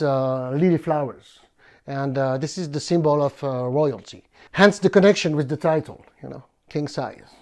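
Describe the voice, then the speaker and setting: A man from France with a French accent, hosting a bonsai video in a playful, halting way with many fillers. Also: a little high, a little mellow. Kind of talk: casual presentation.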